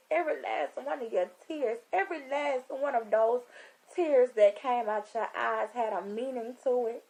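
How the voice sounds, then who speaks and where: A woman's voice: a little high, a little mellow. A woman giving an emotional spoken testimony like a sermon, repeating phrases and restarting with stammers. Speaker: ministry speaker.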